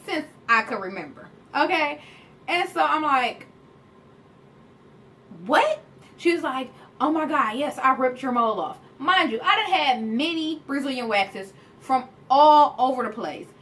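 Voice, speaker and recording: A woman's voice: sits high, slight background noise. A woman vlogger, chatting casually and playfully to her viewers as she tells a story. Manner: animated, playful, addresses viewers as y'all.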